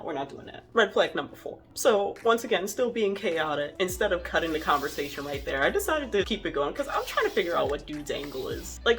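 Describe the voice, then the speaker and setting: A young woman telling a storytime vlog in a sassy, dramatic, mocking way. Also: medium pitch. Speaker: vlogger.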